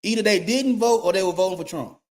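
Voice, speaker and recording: Man, middle-aged, high-pitched, blunt profane rant, emphatic and repetitive. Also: fast. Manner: blunt, profane, emphatic, repeats his points. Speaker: YouTube commentator. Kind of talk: ranting monologue.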